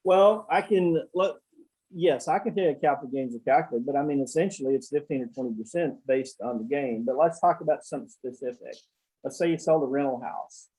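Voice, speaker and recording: Blunt guy telling war stories, kinda rambly, soft dark voice. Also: medium pitch, brisk, husky, poor audio. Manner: blunt and salty, with swearing; rambling, with many fillers and restarts. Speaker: accountant guest. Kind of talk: casual storytelling on a call.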